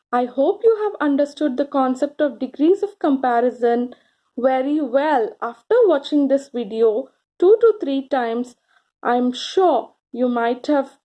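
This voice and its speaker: Slow, high-voiced woman teaching children. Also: mellow, rough recording. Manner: slow, encouraging, drawn-out words with pauses for answers. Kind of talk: grammar lesson for children.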